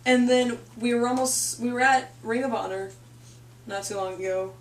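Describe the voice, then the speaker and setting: A woman's voice: a little high, normal speed, far from the mic. A young woman from Canada hosting a casual chat, rambling and giggly. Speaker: host. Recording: echoey room, off-mic.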